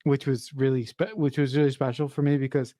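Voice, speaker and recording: A woman co-hosting a podcast in casual chat, excitable and profane, often stumbling over restarts. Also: a bass voice, fairly quick, no room sound. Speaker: podcast co-host.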